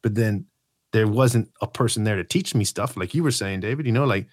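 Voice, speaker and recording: A man from a Puerto Rican family, speaking in a casual podcast conversation and telling animated stories about his childhood. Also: on the low side, a little fast, no room sound. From Puerto Rican family in America. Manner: animated storytelling, voices his childhood reactions.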